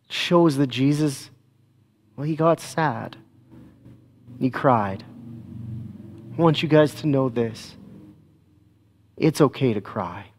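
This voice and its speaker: Gentle-voiced pastor speaking slowly. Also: male voice, mid-range voice, slight background noise. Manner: gentle, slow and soothing with children. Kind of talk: church service announcements and children's talk. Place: church.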